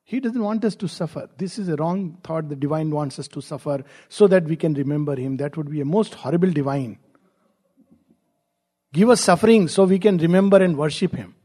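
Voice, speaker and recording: A man giving a spiritual discourse, reflective and gently humorous, posing rhetorical questions to his listeners. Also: fairly high pitch, breathy edge. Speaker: spiritual teacher.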